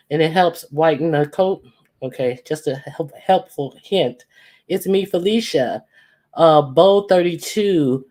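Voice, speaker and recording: A woman's voice: sits low, a little mellow. A woman hosting a casual livestream, reading out viewers' names one by one and teasing them playfully. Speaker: livestream host. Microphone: computer or phone mic with echo.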